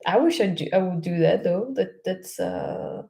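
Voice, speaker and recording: A woman's voice: lowish voice, huge pitch swings, unhurried, creaky, dark tone. A young French woman hosting a casual livestream, reading out viewer comments, chatty and laughing often, with many fillers and restarts. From France.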